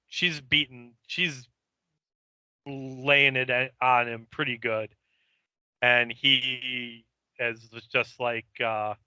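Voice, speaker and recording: A man's voice: mid-range voice, pushed and bright, clean tone, no room sound, muffled recording. A man co-hosting a podcast, recapping an episode in a meandering, hesitant way. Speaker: podcast co-host.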